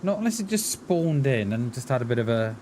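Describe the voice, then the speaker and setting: Chatty streamer with a light Mid Welsh accent. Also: male voice, medium pitch, big pitch swings, fairly quick, a little mellow, a little hiss or hum. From Mid Wales. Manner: chatty, musing, answers chat with "mate". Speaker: live streamer. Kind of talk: casual gaming commentary.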